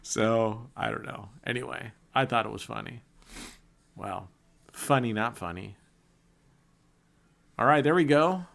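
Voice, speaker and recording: A man's voice: medium pitch, measured pace, vocal fry, long pauses, a bit bright. A man chatting casually on a live stream, laughing often and telling jokes between roulette spins. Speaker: casino streamer.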